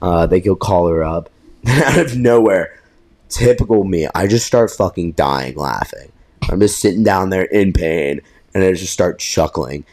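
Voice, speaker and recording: A young man co-hosting a podcast, telling a story in a casual, animated way, swearing freely and laughing at himself. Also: sits low, measured pace. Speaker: podcast co-host.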